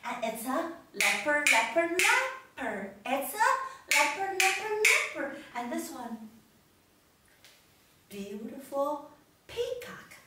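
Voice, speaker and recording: A woman reading a picture book to young children, teaching animal names with slow repetition for them to echo. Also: sits high. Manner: slow, lively, repeats words for children to echo. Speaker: storytime teacher. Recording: echoey, distant, noisy room.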